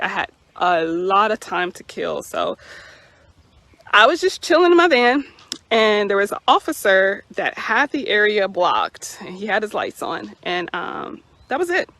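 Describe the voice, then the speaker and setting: A woman's voice: medium pitch, big pitch swings, moderate pace, fairly bright tone, no echo. A woman vlogger emotionally retelling a personal incident. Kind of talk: personal storytelling to camera.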